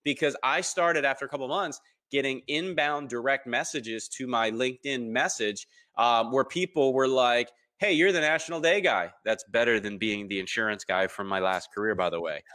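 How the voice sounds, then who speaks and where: A relaxed interview features a thirty-something man as a podcast guest, speaking at a moderate pace in a bright, forward, mid-range voice. He jumps into other people's voices as he quotes them, and his storytelling is lively and full of ums.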